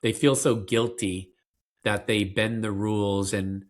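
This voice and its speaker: A man's voice: on the low side, flat delivery, a little slow. A man being interviewed as a parenting expert, explaining in an earnest, conversational way with fillers and restarts.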